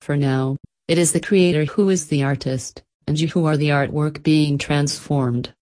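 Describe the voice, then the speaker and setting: A woman reading a serene, low-voiced angel. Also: normal speed, close to an everyday voice. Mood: solemn. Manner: calm, solemn. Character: serene crowned female angel.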